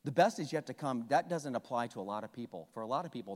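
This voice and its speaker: A pastor in his forties preaching a sermon, animated and joking as he acts out the people in the story. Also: mid-range voice, fast. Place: church hall. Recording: long reverb of a church hall.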